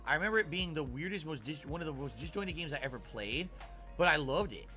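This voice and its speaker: Chatty streamer man, bright voice. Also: a little high, fast talker, soft background music. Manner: animated, chatty, self-mocking. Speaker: streamer reacting to old clips. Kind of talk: casual stream commentary.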